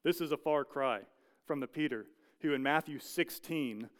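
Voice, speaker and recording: A man preaching a sermon, telling a story with earnest, measured delivery and dramatic pauses. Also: a little high, smooth. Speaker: pastor.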